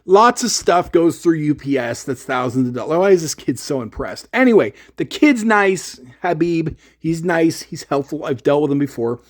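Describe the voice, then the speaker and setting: A man's voice: a little high, lively intonation, moderate pace, few pauses. A man from Canada telling a rambling, chatty story to camera about shipping his gear. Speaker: gear vlogger.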